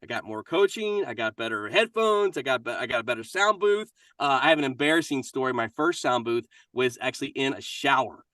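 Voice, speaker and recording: A man's voice: mid-range voice, expressive, brisk, few pauses, sharp tone, no echo, clean studio sound, recorded from a distance. A middle-aged man, a voice actor and minister, talking casually and energetically in an interview.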